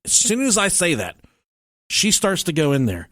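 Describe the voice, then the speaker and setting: This male co-host of a podcast speaks in a high pitch at a moderate pace, captured in clean studio sound without echo. Animated and foul-mouthed, he spins a lengthy story in relaxed talk, voicing its characters with shouting and laughs.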